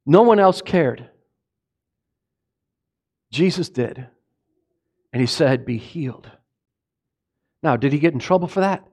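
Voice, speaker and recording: Impassioned high-voiced preaching man. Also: lively intonation, unhurried, pauses often, darkish tone. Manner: impassioned, rising and falling, asks the congregation questions. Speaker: pastor. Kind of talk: sermon.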